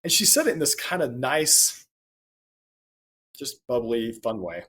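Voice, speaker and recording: A man's voice: mid-range voice, very animated, a little slow, a bit bright. A man being interviewed as a guest, telling a personal anecdote in a conversational way, acting out quoted dialogue and laughing between points. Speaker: podcast guest, speaker and author.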